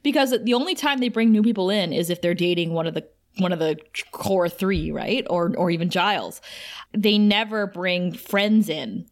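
A woman's voice: lowish voice, moderate pace. A woman co-hosting a podcast, retelling a TV episode in casual chat and quoting the characters as she goes. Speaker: podcast co-host.

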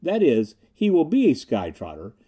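A man voices a cheerful ship officer who loves an argument and teases his friends. He sounds jovial, his pitch raised and lively. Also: moderate pace. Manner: jovial, teasing.

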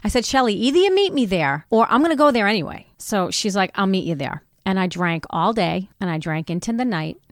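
A middle-aged woman telling a personal story in a conversation, candid and animated, acting out what people said. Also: mid-range voice, a little fast, few pauses, dry recording, studio quality. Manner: candid, animated retelling with voiced quotes. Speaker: guest.

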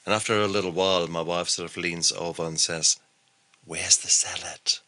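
Male interview host with a low, very bright voice; casual storyteller who drops the odd swear. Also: steady tone, fairly quick. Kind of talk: podcast interview.

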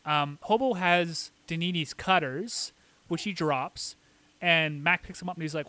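A man's voice: on the high side, measured pace, sharp tone. A man co-hosting a podcast, casually recapping an episode in a chatty play-by-play and briefly mimicking the characters' lines. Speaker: podcast co-host.

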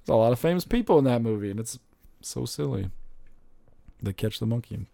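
A man in casual chat, rambling and excitable, swearing freely as he talks about movies. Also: medium pitch, a little fast, gravelly, dry recording. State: recently recovered from covid.

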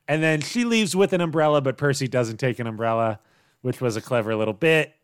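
A man co-hosting a casual podcast, recapping plot in a relaxed way and laughing often. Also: medium pitch, normal speed, clear, resonant tone, no room sound, clean studio sound. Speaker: podcast co-host. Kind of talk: casual chat recapping a TV show.

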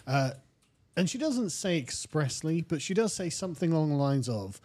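British man, slightly high, chatting easily. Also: normal speed. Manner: relaxed, conversational, quotes texts at length. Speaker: guest. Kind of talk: casual political chat.

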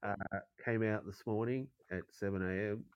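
A man's voice: fairly low pitch, steady tone, moderate pace, smooth, no echo, muffled recording. A man on a casual podcast, telling crude bits and rambling with fillers. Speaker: podcast co-host.

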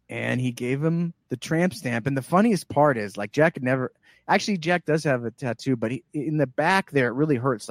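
A man telling a story in casual chat as a guest, animated and acting out the voices of the people in it. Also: medium pitch, no room sound, studio quality. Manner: animated, acts out quoted voices.

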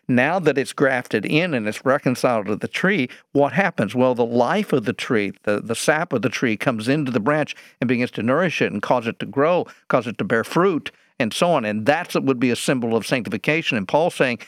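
A man's voice: medium pitch, no echo, clean studio sound. A man, a Bible teacher, explaining scripture in an interview, posing rhetorical questions and answering them.

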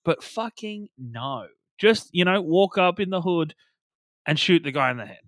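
A man's voice: on the high side, expressive, normal speed, fairly bright tone, no echo. A man co-hosting a casual podcast, ranting with constant swearing and exasperation. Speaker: podcast co-host. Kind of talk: casual podcast review chat.

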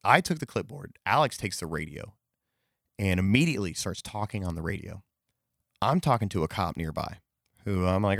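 Deep-voiced man rambling through a story. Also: very animated, a little fast, creaky, no echo, clean studio sound. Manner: rambling, with fillers, profanity and self-corrections. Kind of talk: casual spoken anecdote.

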